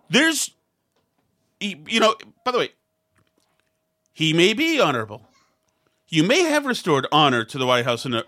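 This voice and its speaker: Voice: medium pitch, a bit bright. A talk show commentator giving rambling, sarcastic opinion with many asides and restarts. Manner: rambling, sarcastic, mimics others in quotes.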